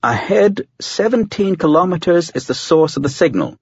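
A man's voice: on the high side, expressive, normal speed, husky, no echo, muffled recording, pitched above the performer's own voice. A man voicing a dutiful shipboard AI that gives clipped, formal military reports. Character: dutiful shipboard AI, sexless machine voice.

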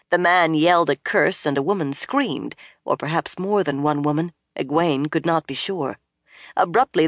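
A narrator reading a fantasy novel aloud in a steady, measured manner. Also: medium pitch, dry recording, studio quality. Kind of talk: audiobook narration.

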